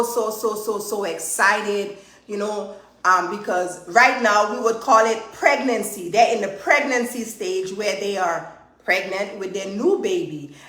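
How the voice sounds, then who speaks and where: A woman hosting a live stream as a trainer, chatty and energetic, driving her points home with repeated "okay?". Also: fairly high pitch, echoey room. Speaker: host and trainer. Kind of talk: live-streamed motivational chat.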